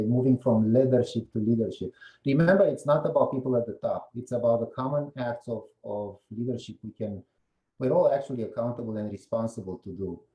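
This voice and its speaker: A man with a low, very dark and mellow voice gives a presentation at a meetup. He walks through his slides and turns to the audience with questions as he goes. The sound has a roomy echo, as if picked up in a meeting room. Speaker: guest presenter.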